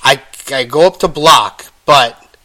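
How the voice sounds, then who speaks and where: A podcast host talks solo and casually, telling a story while recovering from an illness. He halts with many ums and restarts and pauses now and then to cough, his mid-range voice having a sharp tone.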